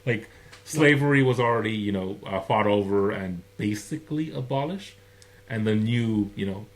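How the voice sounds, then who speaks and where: A man co-hosting a podcast in casual chat, rambling and halting with lots of fillers. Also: lowish voice. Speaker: podcast co-host.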